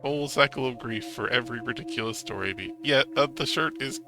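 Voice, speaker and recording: Sarcastic, gravelly-voiced male streamer. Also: medium pitch, a little fast, over music. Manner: sarcastic, swears, laughs often. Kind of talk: live-stream game reading with commentary.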